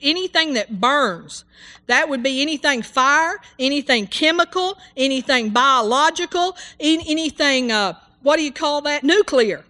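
A woman's voice: high-pitched, bright, forceful tone. A woman preaching a sermon in a fervent, rambling way, full of hallelujahs and amens. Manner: rambling, with restarts and asides.

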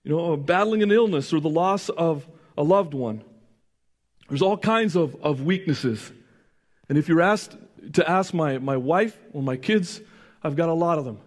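A middle-aged man with a notably high voice preaches a sermon, earnestly putting questions to the congregation. He restarts phrases often and checks in with "right?" and "okay?". His voice carries a long reverb, as in a large hall. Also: lively intonation, a little slow. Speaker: pastor.

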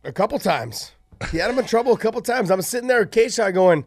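A man in casual chat, telling fight stories with animated energy and freely swearing. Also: high-pitched, fast, no echo, clean studio sound. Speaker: podcast co-host and former fighter.

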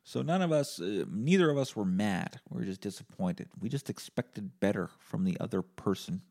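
A man hosting a podcast, telling a comedic story as a deadpan, profane rant and acting out both sides of the argument himself. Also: low-pitched, moderate pace, gravelly. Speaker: podcast host.

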